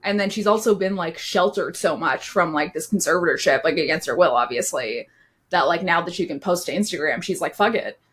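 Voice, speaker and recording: A woman's voice: fairly low pitch, a little fast, a bit bright. A young woman co-hosting a podcast in casual chat, talking loosely with lots of fillers. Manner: chatty, many fillers and "like"s. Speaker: podcast co-host.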